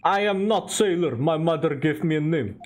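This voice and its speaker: A man's voice: fairly high pitch, lively intonation, moderate pace, natural voice. A man voicing a surly sailor who guards a ship's first-class cabins, speaking curt broken English while reading game dialogue aloud. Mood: gruff.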